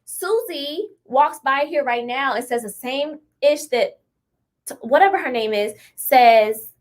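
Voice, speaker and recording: A young woman co-hosting a casual podcast chat, with a high-pitched voice. She talks bluntly and emphatically, full of slang and strong opinions. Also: a little slow. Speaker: podcast co-host.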